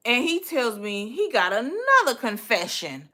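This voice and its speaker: A woman hosting a livestream, telling a story in an animated, profane, exasperated way. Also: on the high side, a little slow. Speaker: livestream host.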